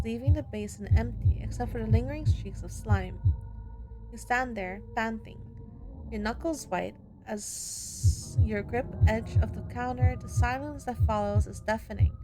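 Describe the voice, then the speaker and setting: A woman streamer reading horror game text aloud, slow and dramatic with long pauses. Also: fairly high pitch, music in the background. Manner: reads slowly with drawn-out pauses, then shouts angrily at the character.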